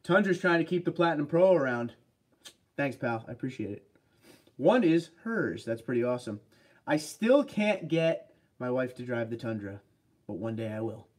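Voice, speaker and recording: A man's voice: mid-range voice, expressive, normal speed. A man hosting a casual livestream, chatting upbeat and rambling as he reads out viewer comments. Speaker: livestream host.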